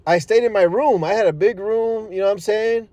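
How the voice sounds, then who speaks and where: Man, high voice, dry close sound; profane, animated storyteller giving a testimony. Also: a little fast, no room sound. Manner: animated, profane street talk with frequent fillers; laughs at his own story.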